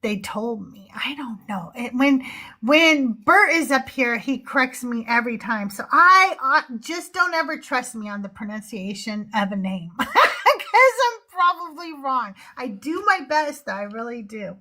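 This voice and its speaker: Woman host, middle-aged, high bright voice, chatty, laughs a lot. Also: expressive, moderate pace. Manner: chatty, laughs often, trails off into fillers. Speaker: livestream host. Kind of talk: casual livestream chat.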